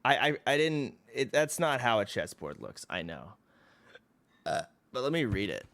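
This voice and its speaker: A young man livestreams from his home streaming room, chatting loosely, swearing freely, and laughing at himself as he reads things aloud. His medium-pitched voice is fairly bright and very animated, delivered at a moderate pace.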